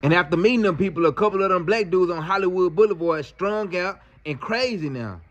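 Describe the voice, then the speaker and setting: A man telling a story in casual slang, animated and acting out the people in it. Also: high-pitched, brisk, muffled recording. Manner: animated, slangy, acts out quotes.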